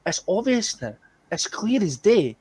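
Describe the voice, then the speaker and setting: A man's voice: high-pitched, big pitch swings, unhurried, a little mellow, breathy edge. A Scottish man co-hosting a football fan podcast, swearing indignantly and laughing in disbelief. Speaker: podcast co-host. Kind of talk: heated fan podcast discussion.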